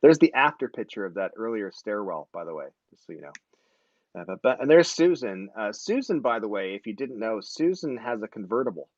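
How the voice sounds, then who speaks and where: A man's voice: fairly low pitch, sing-song, a little fast, darkish tone, no room sound, muffled recording. A man in his forties hosting a casual live-stream chat, rambling and joking, often correcting himself mid-sentence. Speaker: host.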